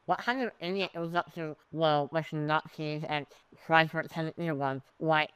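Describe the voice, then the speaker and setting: A tabletop player speaks her character's lines with a very smooth, clean voice. The sound is dry and close. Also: mid-range voice, moderate pace, fairly bright tone, dry recording. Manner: plays her character in first person. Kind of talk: tabletop role-play.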